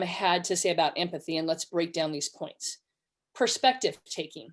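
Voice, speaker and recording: A woman from California giving a conversational online webinar, telling stories and acting out quoted voices. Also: lowish voice. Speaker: webinar presenter.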